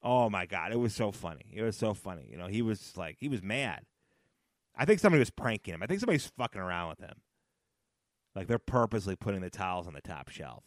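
A man's voice: fairly low pitch, very animated, quick pace, dry recording, clean studio sound. A man hosting a casual solo podcast, chatty and rambling, often laughing at his own jokes and repeating phrases for emphasis. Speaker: podcast host.

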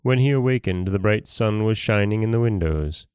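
A man hosting a podcast and reading a folktale in a calm, measured storytelling manner. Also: fairly low pitch, clean tone, dry recording, studio quality.

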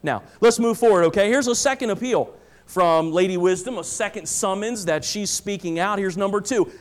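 A male pastor preaches with a high, ringing voice, driving home each point with urgency. He repeats key phrases for weight and often calls his listeners family. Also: normal speed. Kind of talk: sermon. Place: church.

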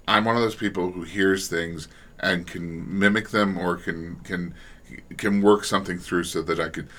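A man who directs voice actors, talking reflectively in a relaxed panel discussion and often restarting his sentences. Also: lowish voice. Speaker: audio drama director.

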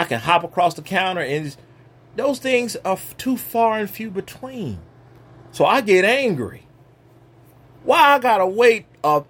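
Husky, animated male preacher. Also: sits high. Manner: conversational, swings between loud and soft. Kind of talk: informal sermon.

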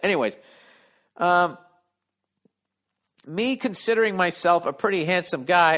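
A profane man in his fifties with a Boston accent, hosting a comedic solo podcast. His pitch swings widely as he reads listener mail and riffs loudly on it, and his voice sits a little higher than usual for a man. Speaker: podcast host.

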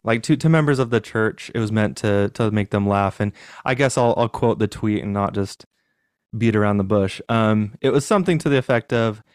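Low-voiced young male guest, smooth clean tone, dry close sound, candid and reflective. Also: dry recording. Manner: candid, self-deprecating, reflective. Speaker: podcast guest. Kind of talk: personal storytelling in interview.

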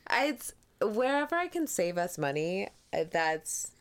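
A woman's voice: medium pitch, big pitch swings, unhurried, clear, resonant tone. Laughing, swearing woman podcast co-host. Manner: laughs often, swears freely. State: sore throat. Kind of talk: casual chat.

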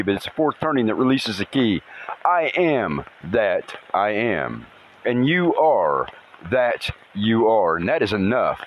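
A man hosting a podcast outdoors in a rainstorm by a river, talking in an excitable, rambling way and swearing casually. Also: medium pitch, a little hiss or hum, low-quality recording. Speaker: podcast host. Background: faint rain and river ambience.

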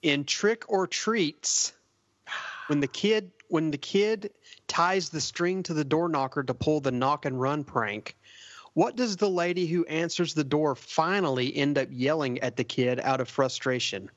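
A man's voice: a little high, measured pace, dry recording, dull audio. A man hosting a quiz among friends on a casual podcast, reading questions and laughing at the banter. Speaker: quiz host.

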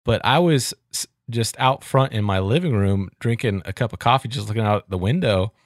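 A man's voice: on the low side, normal speed, dry recording, clean studio sound. A man, co-hosting a podcast in a chatty way and laughing easily. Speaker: podcast co-host. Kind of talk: casual chat.

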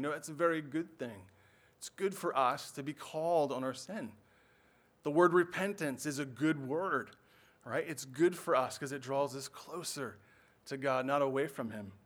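A man's voice: a little high, fairly bright tone. A man preaching as a pastor in a church, earnest and explanatory, often checking in with "right?". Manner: earnest preaching, frequent "right?" tag questions. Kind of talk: sermon.

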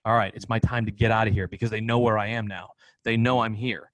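A man from Boston, a podcast guest, telling a personal story in a blunt, profane, animated way and acting out what people said. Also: lowish voice, fast talker, no room sound. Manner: blunt, profane, animated retelling with acted-out quotes.

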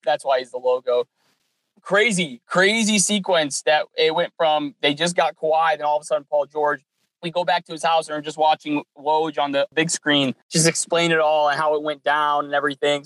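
Animated man telling a sports story. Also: fairly high pitch, brisk, no echo, rough recording. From California. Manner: animated storyteller, acts out dialogue. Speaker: podcast co-host. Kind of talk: casual sports podcast chat.

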